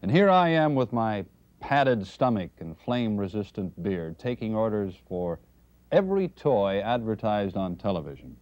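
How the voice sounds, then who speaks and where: A man voicing a weary older department-store Santa who speaks gently and hesitantly, on a dull lo-fi 1970s TV tape. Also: lowish voice, very animated, moderate pace, dry recording, pitched above the performer's own voice. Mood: gentle.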